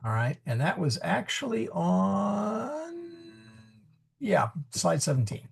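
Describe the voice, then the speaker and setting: A man's voice: sits high, huge pitch swings, takes it slowly, vocal fry, breathy edge. A man teaching Latin pronunciation in an online class over a video call, chatty and correcting himself as he goes. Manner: chatty, self-correcting, joking aside. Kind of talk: online class lesson with questions.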